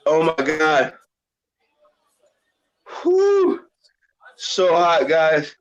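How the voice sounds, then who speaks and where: Pained man slowly groaning through heat. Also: fairly high pitch, fairly bright tone. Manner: groaning, pained, after a hot chip challenge. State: mouth burning, teary. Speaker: caller on video chat. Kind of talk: live call-in chat. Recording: dull lo-fi video call audio.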